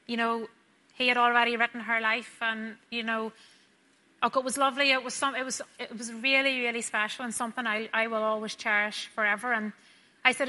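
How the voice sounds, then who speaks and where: A young woman, a nurse earnestly telling a personal testimony to a church gathering. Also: a little high. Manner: earnest, storytelling, drops soft and quiet at tender moments.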